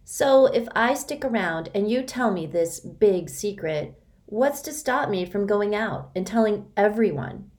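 A woman's voice: mid-range voice, lively intonation, unhurried, darkish tone, pitched above the performer's own voice, close to an everyday voice. A woman voicing a skeptical young girl who talks bluntly and challenges adults.

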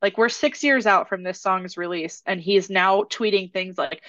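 A woman's voice: mid-range voice, moderate pace, hardly any pauses, a bit bright, dry recording. Female podcast co-host, wry sarcastic chat, dull lo-fi mic. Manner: wry and sarcastic, laughs between remarks. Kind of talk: casual chat.

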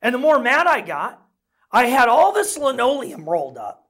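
Animated middle-aged male pastor preaching. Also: very high voice, normal speed. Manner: conversational storytelling, self-deprecating humor. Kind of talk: sermon.

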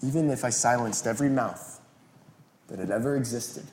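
A preacher voicing a calm, firm male teacher who answers a critic, speaking quietly and evenly. The voice sits at a middle pitch, with a roomy echo around it. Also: slight background noise, lightly acted. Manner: quiet and measured.

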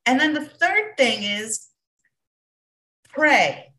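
Bright-voiced woman host, a little distant. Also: on the high side. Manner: halting, searches for words. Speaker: podcast host. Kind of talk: casual chat, summarizing. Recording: distant from the mic.

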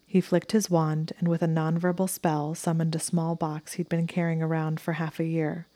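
Woman narrating romance fiction, low mellow voice, soft and intimate, dry close sound. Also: flat delivery, moderate pace, no echo. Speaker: audiobook narrator. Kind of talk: reading romance fiction aloud.

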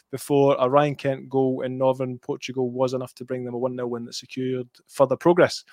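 A man's voice: mid-range voice, a little mellow, no room sound, studio quality. A Scottish man co-hosting a football podcast, chatting casually and quizzing his friend with stats. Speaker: podcast co-host.

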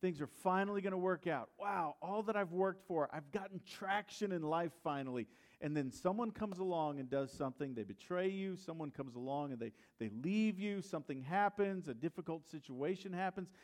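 A man's voice: high-pitched, normal speed. A male pastor preaching a sermon, retelling a story and asking the congregation questions.

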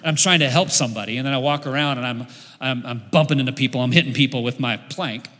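A man in his forties preaching a sermon as pastor, lively and joking, leading the congregation in repeated lines. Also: medium pitch, quick pace. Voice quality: bright, lively preaching voice with humor. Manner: leads the congregation in repeating lines, jokes and laughs. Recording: echoey hall with long reverb.

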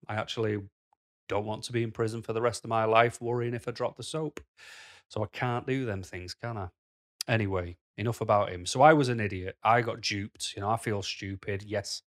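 A man talking to camera in a blunt, rambling way, full of "you know" fillers. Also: fairly low pitch. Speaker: vlogger. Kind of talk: casual monologue to camera.

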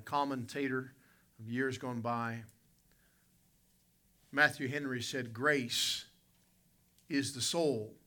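A man preaching a sermon as pastor, telling a story in an animated way with sudden loud bursts. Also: medium pitch.

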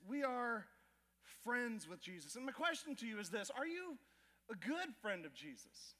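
A man preaching a sermon from the pulpit, his voice sitting unusually high. He tells stories by acting out little scenes and tosses jokes at the congregation. The sound rings with the long reverb of a large church hall. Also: moderate pace. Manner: animated storytelling with acted asides to the crowd. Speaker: pastor. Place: church auditorium.

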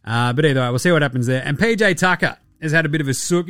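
A man's voice: a little high, racing, few pauses, fairly bright tone, dry recording, clean studio sound. A young Australian man hosting a casual basketball podcast, sarcastic and profane, often putting on mocking voices for the people he talks about. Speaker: podcast host. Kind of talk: casual sports commentary.

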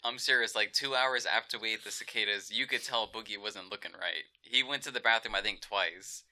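Low, sharp-voiced laid-back man. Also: fairly quick. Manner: laid-back, slangy storytelling. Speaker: podcast co-host. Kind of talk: casual chat.

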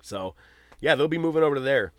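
A man's voice: mid-range voice, animated, fast, fairly bright tone, dry recording. A man hosting a podcast in casual chat, telling long, rambling stories with plenty of swearing. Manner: profane, rambling storyteller. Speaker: podcast host.

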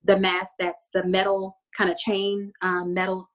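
A woman's voice: mid-range voice, completely flat delivery, unhurried. A woman hosting a casual podcast, recapping a TV episode in a chatty way with frequent laughs and fillers.

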